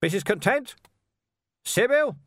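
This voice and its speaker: A man doing Vimes, a gruff watch commander. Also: fairly high pitch, very animated, fairly quick, no room sound, studio quality, pitched above the performer's own voice. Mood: yelling. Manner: shouting, demanding. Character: desperate, gruff middle-aged male city watch commander.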